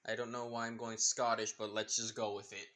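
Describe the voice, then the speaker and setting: A man's voice: on the low side, little pitch movement, a little fast, bright, forceful tone. A man casually retelling a fan story, rambling with many fillers and losing track of names.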